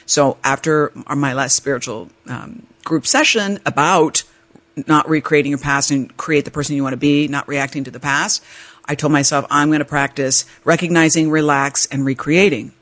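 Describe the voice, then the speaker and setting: A woman hosting a podcast, telling a personal story in a chatty, animated way and laughing as she talks. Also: normal speed. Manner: animated, jumps into high-pitched voices when reenacting her panic; chatty, laughs while talking. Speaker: podcast host.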